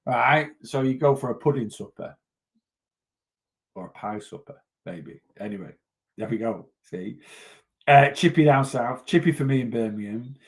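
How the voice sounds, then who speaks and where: A man's voice: medium pitch, normal speed. A man, a weight loss coach chatting casually on a livestream, rambling and answering viewer comments as he goes. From North West England.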